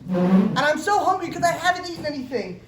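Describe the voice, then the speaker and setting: A woman's voice: high voice, big pitch swings, fairly quick, noisy background. A woman voicing a frightened, hungry little boy pleading that he cannot go home, heard from far off in a roomy hall. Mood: scared pleading. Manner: pleading, fearful.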